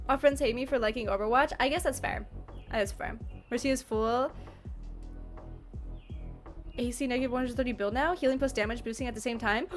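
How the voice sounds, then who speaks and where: A woman hosting a casual livestream, chatting and giggling as she answers chat messages. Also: on the high side. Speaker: livestream host reading chat.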